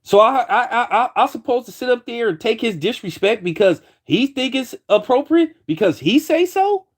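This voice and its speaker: A man's voice: very high-pitched, animated, normal speed. A man giving a heated opinion commentary, repeating himself and restarting lines as he argues his point. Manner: heated, repetitive, many restarts.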